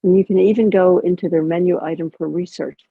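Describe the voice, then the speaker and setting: A middle-aged woman chaplain teaches in a gentle, conversational way, slipping into the voices she quotes. Her voice is husky with a gravelly edge, at a middling pitch. The sound is dry and tinny, like a call heard over a phone line. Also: steady tone, brisk, no echo. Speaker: chaplain and educator. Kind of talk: guided teaching talk on self-compassion.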